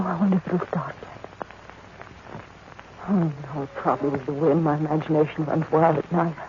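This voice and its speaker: An actress playing an earnest young governess who frightens easily, in a breathy, theatrical 1940s radio-acting style. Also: female voice, mid-range voice, lightly acted. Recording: muffled, hissy old radio recording.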